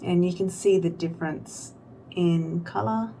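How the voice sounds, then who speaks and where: A young woman with a lowish, gravelly voice chats through her makeup routine in a loose, rambling way, full of "like" and small self-mocking asides. A faint hum sits under the recording. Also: a little slow, mellow. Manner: rambling, filler-heavy, self-deprecating. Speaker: beauty vlogger. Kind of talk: casual makeup tutorial chat.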